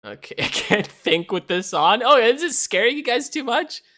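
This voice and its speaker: A man's voice: extremely high pitch, big pitch swings, moderate pace, sharp tone. Giggly young man streaming. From Canada. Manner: giggly, laughs often, rambling. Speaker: livestreamer. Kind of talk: casual live-stream chat.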